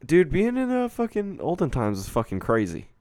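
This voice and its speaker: A man's voice: a little high, huge pitch swings, moderate pace, a little mellow, no echo, studio quality. A young man in casual podcast chat, joking and swearing a lot and often slipping into goofy voices.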